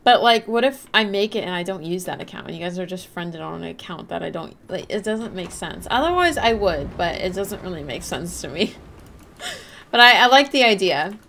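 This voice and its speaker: A woman's voice: on the low side, lively intonation, a little fast, vocal fry, fairly bright tone, slight background noise. A woman live-streaming a game, chatting casually, rambling and reading out and answering her chat. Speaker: livestreamer.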